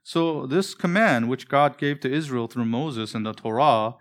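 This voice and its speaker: A male pastor delivering a sermon with earnest conviction. He slows down and stretches important phrases for weight and keeps turning to his listeners with pointed questions. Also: medium pitch. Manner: earnest, preacherly, with drawn-out emphatic phrases; asks the congregation direct questions.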